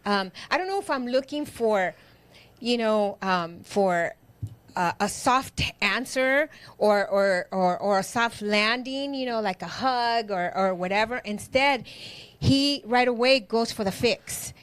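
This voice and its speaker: Expressive higher-voiced woman, dry mic. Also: takes it slowly, clean tone, no echo. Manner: open and expressive, many fillers like "you know". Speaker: podcast co-host. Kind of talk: casual podcast chat.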